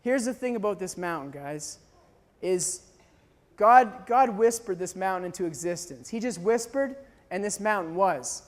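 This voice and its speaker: A man from Canada telling a dramatic personal story to a live audience, acting out voices and shouts as he goes. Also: sits high, lively intonation, measured pace, big-room sound. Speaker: speaker telling a mission story.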